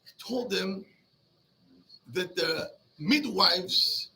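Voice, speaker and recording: Lively bright-voiced rabbi. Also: male voice, sits high, extremely slow, vocal fry. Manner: lively, mixes Hebrew and English, acts out the characters. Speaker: rabbi teaching a Talmud story. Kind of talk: animated storytelling lesson.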